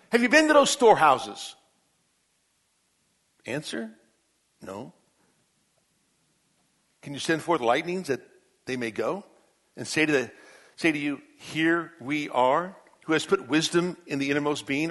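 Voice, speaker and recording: A male pastor preaching a sermon, reading scripture aloud and addressing Job directly, swinging from booming to hushed. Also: husky.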